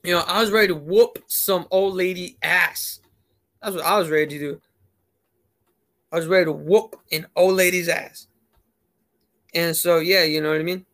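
A man's voice: high-pitched, steady tone, normal speed, long pauses, fairly bright tone. A man telling a rambling story in a casual chat, heavy on fillers.

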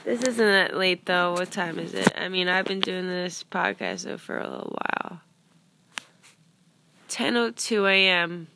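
A woman's voice: on the low side, steady tone, a little slow, gravelly, sharp tone, slight background noise. A woman hosting her own podcast, talking through self-help tips in a loose, rambling, earnest way, full of fillers. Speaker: podcast host. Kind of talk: casual self-help monologue.

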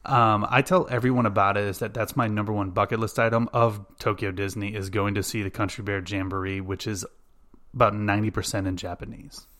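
Guy hosting a podcast, kinda low voice, excited and rambly. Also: fairly quick. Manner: enthusiastic, rambling with fillers. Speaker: podcast host. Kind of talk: casual chat.

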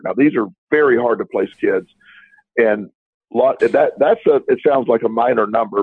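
A man's voice: mid-range voice, slightly rough, no room sound. A man co-hosting a talk show, telling a long story in a casual, rambling way, with many restarts and quoted dialogue. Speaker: podcast co-host. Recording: dry, tinny phone-like line.

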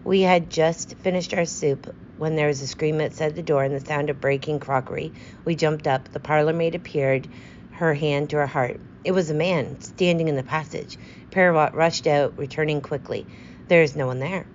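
A woman reading a story aloud as its narrator, in a steady, measured way. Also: deep voice, highs cut off, a little hiss or hum. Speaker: audiobook narrator. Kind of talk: scripted narration.

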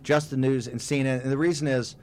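A man's voice: medium pitch, flat delivery, quick pace, a little mellow, slight background noise. Fiery man hosting a political talk show. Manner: impassioned, rambling, emphatic repetition. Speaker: host.

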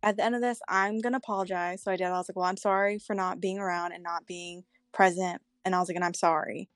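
A woman's voice: lowish voice, flat delivery, quick pace, no room sound, studio quality. A young woman telling a candid story in casual chat, swearing freely.

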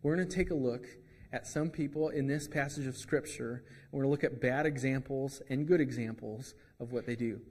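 A man's voice: mid-range voice, a little fast, a little mellow, slightly rough, in a large hall. A man preaching a sermon as pastor, in a conversational way with joking asides.

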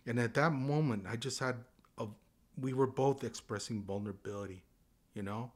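A man's voice: mid-range voice, moderate pace. A man in his fifties from Southern California, a guest telling stories casually and acting out the dialogue. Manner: animated, acts out dialogue in changing voices. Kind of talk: casual storytelling.

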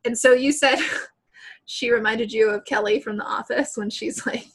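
A woman's voice: a little high, moderate pace, breathy edge. A woman co-hosting a casual chat, telling a story and acting out the people in it with big swings of voice. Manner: animated, acts out quoted people with big voice swings. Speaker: podcast co-host.

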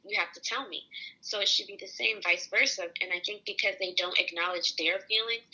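A woman's voice: medium pitch, sharp tone, breathy edge, rough recording. A woman chatting casually as a podcast co-host, earnest and opinionated, reflecting on relationships and parenting. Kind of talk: casual chat.

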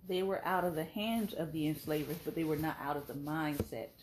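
Measured, deliberate prophet teaching. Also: mid-range voice, noisy background.

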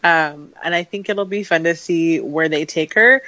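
A woman's voice: lowish voice, normal speed, sharp tone, dry recording. Woman, podcast panelist, chatty, dry lo-fi sound, casual.

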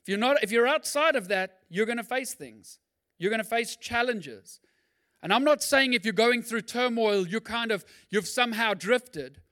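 A man pastor preaching a sermon in a conversational way, swinging between loud and hushed. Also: very high voice, lively intonation, normal speed.

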